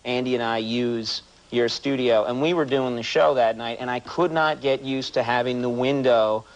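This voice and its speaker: A man's voice: medium pitch, dull audio. A man hosting a late-night talk show, interviewing a guest in a joking, self-mocking way in a studio. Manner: quick, self-mocking, breaks into laughter. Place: TV studio before a live audience. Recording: 1990s VHS TV broadcast with faint room noise.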